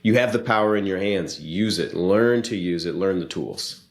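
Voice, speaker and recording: A man's voice: low voice, moderate pace. A man talking earnestly in a casual podcast conversation, coaching men directly about relationships with frequent restarts.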